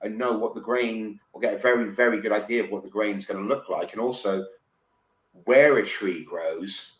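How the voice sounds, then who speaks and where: A man from England in casual podcast chat, excitable, swearing freely and stumbling over restarts. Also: fairly low pitch, moderate pace, highs cut off. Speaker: podcast guest. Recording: roomy with faint noise.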